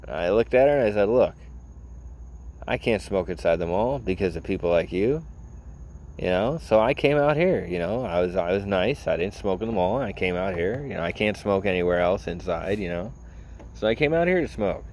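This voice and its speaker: A man's voice: deep voice, lively intonation, moderate pace, a little mellow, a little hiss or hum. A man in a casual vlog, rambling and sarcastic, full of "you know" as he tells a story. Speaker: vlogger. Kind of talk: casual rant.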